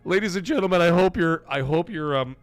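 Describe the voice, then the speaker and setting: A man's voice: on the high side, lively intonation, normal speed, gravelly, faint music behind. A man hosting a livestream in casual chat, swearing freely and laughing as he reads chat messages aloud. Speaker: livestream host.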